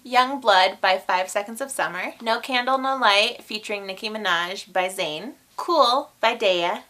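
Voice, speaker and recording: A woman of about thirty chatting casually to camera as a vlogger, bubbly, with quick asides. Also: mid-range voice, bright, forceful tone.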